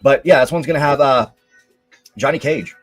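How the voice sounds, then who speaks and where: A man's voice: mid-range voice, normal speed, slightly rough, faint music behind. A young man hosting a live stream, chatting casually and rambling with many fillers about upcoming games and movies. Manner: relaxed, rambling, lots of fillers. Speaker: show host.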